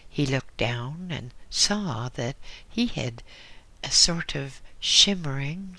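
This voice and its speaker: A man reading an audiobook in a slow, measured way, dropping into soft whispers now and then. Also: mid-range voice, no echo. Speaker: audiobook reader. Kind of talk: scripted audiobook narration.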